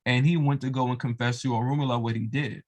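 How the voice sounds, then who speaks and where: A man's voice: medium pitch, fairly even intonation, fast talker. A man retelling a devotional folk tale in a loose, casual way, with lots of fillers and asides. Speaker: storyteller of religious tales. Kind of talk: casual oral storytelling.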